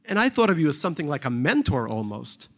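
A man reading a novel aloud, voicing a calm, reproachful younger friend who speaks in a quiet, measured and blunt way. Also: on the high side.

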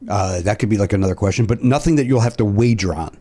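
A man co-hosting a podcast, riffing in an animated, profane, jokey way. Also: on the low side, quick pace. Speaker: podcast co-host. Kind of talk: casual podcast banter.

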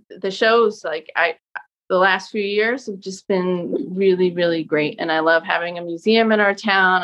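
A woman from New York chats as a podcast guest, keen and quick to laugh. Her voice sits at a middling pitch. She talks casually with friends. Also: fairly bright tone. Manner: enthusiastic, laughs often. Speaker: guest, street photographer.

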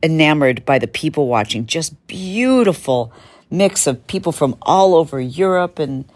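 Brief: middle-aged woman host, low voice, chatty and self-mocking. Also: animated, normal speed, a little mellow, no room sound. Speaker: podcast host. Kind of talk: casual chat.

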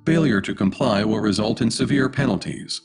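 A man voicing a cold, robotic alien messenger who delivers threats in a flat, formal manner. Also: on the low side, normal speed, breathy edge, soft background music. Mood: coldly menacing.

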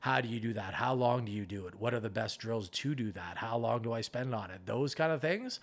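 A middle-aged goalie coach with a mid-range voice talks a little fast as he walks through his methods in a casual interview. He explains animatedly and acts out arguments.

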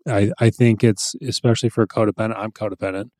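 A man's voice: lowish voice, fairly even intonation, quick pace, darkish tone, no room sound, clean studio sound. A man co-hosting a podcast in casual conversation, talking reflectively and a little hesitantly, often restarting his sentences. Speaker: podcast co-host.

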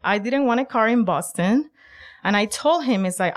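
A middle-aged woman from Puerto Rico telling a personal story, lively and emphatic, acting out quoted lines. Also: on the high side, moderate pace. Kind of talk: personal story told to an audience.

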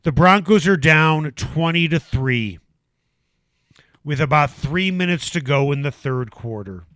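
A man hosting sports talk radio, arguing and ranting in an animated way. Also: fairly high pitch, unhurried, dry recording. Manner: animated, ranting, mocking impressions.

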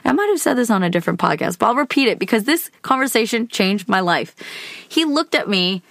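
A woman's voice: fairly high pitch, very animated, fairly quick, gravelly, fairly bright tone, no echo, clean studio sound. A woman hosting a podcast, telling a personal story in a candid, conversational way with lots of hedging fillers. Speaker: podcast host.

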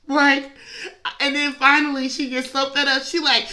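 A woman's voice: high voice, flat delivery, measured pace, pauses often, pushed and bright. A woman hosting a devotional podcast, chatting casually and animatedly, often breaking into laughter. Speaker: podcast host.

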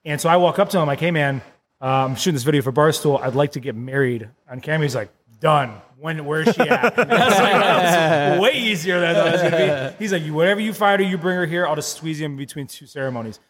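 A man co-hosting a casual podcast, telling an animated story, laughing often and acting out what people said. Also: a little high, fast, in a large hall, crowd noise. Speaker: podcast co-host.

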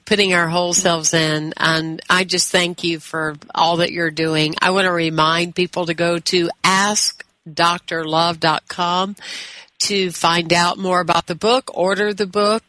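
A woman host thanking her guest and wrapping up the show. Her tone is bright and forceful, set a little low. The recording is dry with no room sound. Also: flat delivery, unhurried, dry recording, low-quality recording. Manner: warm, appreciative, encouraging. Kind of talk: interview host.

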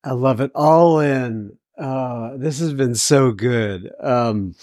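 A man's voice: mid-range voice, slow, darkish tone, no room sound, clean studio sound. A man hosting a recovery podcast, enthusiastic and easygoing, wrapping up an episode. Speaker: podcast host. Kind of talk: casual podcast chat.

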